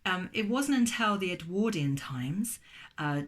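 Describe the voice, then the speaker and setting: A woman's voice: lowish voice, expressive, unhurried. A middle-aged English woman with an English accent, chatting casually and enthusiastically as a food vlogger, with plenty of ums along the way. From England. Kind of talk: casual chat.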